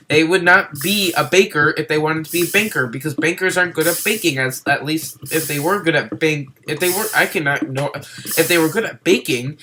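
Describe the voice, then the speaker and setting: A man's voice: on the high side, bright, forceful tone, slight background noise. Rambling, hyper man playing a game. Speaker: gameplay commentator. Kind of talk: casual let's-play commentary.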